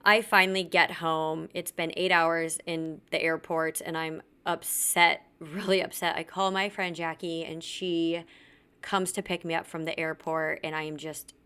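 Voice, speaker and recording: A woman's voice: sits low, level tone, a little slow, pushed and bright, clear, resonant tone. A woman hosting a podcast, telling a personal story candidly and bluntly, swearing freely and acting out what others said. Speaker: podcast host.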